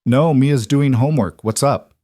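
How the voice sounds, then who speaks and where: A man voicing a cautious widowed single father, quiet and hesitant in audiobook dialogue. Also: mid-range voice, normal speed, dry recording, studio quality, pitched above the performer's own voice, natural voice. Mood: guarded.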